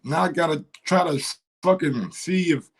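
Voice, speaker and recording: A man's voice: fairly high pitch, moderate pace, vocal fry, slightly rough. Frustrated cursing livestream host, man. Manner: frustrated, profane, repeats himself. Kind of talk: casual livestream chat.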